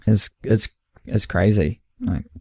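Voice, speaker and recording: A man's voice: fairly low pitch, takes it slowly, slightly rough, no echo, studio quality. A man, co-hosting a podcast and chatting casually as an endurance coach, often laughing and acting out his own dialogue. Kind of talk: casual chat.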